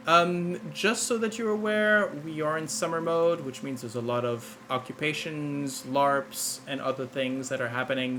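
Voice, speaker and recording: Unhurried man running a tabletop game. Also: mid-range voice, fairly bright tone, a little hiss or hum. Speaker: game master.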